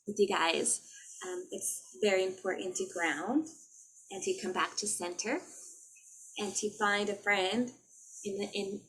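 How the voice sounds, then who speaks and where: A woman's voice: medium pitch, low-quality recording. Earnest woman giving spiritual pep talk. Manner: earnest, motivational, with chanted light language. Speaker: spiritual healer. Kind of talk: casual spiritual vlog talk. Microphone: laptop mic.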